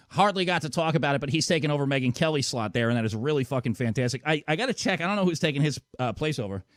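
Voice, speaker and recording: A man's voice: medium pitch, fairly bright tone, no room sound, clean studio sound. A man hosting a call-in talk show, ranting sarcastically and swearing constantly. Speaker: radio show host. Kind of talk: profane call-in show rant.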